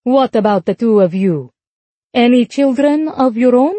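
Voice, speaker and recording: A woman's voice: on the high side, expressive, unhurried, dark tone, no echo, pitched above the performer's own voice. A woman putting on a chatty Italian-accented cashier. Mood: cheerful. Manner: cheerful, curious questions. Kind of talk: audiobook narration.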